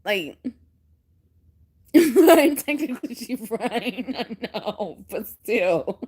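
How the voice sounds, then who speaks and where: A woman vlogger telling stories in casual chat, animated and often breaking into laughter. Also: a little high, drawn-out words, pauses often, slightly rough.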